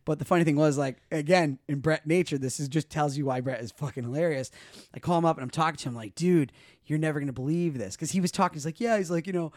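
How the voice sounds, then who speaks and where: On a podcast she co-hosts, a woman with a deep voice talks quickly, chatting casually and spinning a story. She acts out her friends' quoted lines with animation and swears freely. The studio-quality recording has no room sound.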